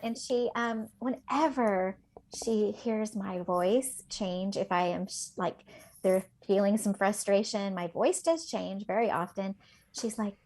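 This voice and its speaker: A woman's voice: mid-range voice, slow, darkish tone. A woman teacher co-hosting a podcast who tells heartfelt classroom stories in a chatty way, with many fillers. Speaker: elementary teacher, podcast co-host. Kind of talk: casual podcast chat.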